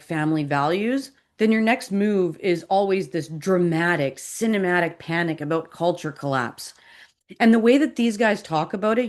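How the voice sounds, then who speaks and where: Female podcast host with a lower pitch, sarcastic and animated, doing casual commentary.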